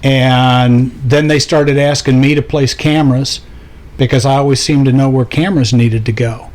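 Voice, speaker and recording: A man's voice: mid-range voice, steady tone, normal speed, darkish tone. A man chatting as a studio guest on a couch, an easygoing storyteller who jokes around. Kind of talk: casual chat.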